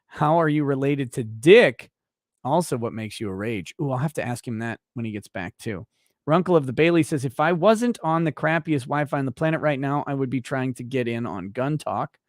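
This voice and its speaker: A male livestream host reads out viewer messages in a loose, joking manner, tossing in wry asides. His voice sits a bit high for a man, and the sound is dry and close. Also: no echo. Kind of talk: casual livestream chat reading comments.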